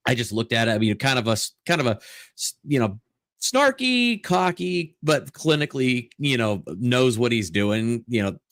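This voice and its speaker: A man's voice: mid-range voice, sing-song, normal speed, a bit bright, dry recording, clean studio sound. A man chatting on a live stream, rambling with lots of restarts and casual swearing. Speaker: regular stream co-host.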